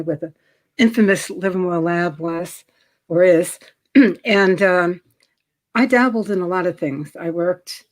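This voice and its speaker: A middle-aged woman with a New York accent talks through her work in a loose, conversational way. She fills gaps with ums, restarts her sentences and clears her throat now and then. Her voice sits a little low. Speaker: guest, credit specialist. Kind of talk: casual interview chat.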